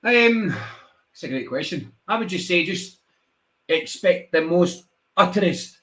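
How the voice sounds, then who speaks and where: Animated Scottish man telling stories. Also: sits high, measured pace. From Scotland. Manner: animated storyteller, acts out voices, laughs often. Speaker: wrestler guest. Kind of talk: casual interview chat.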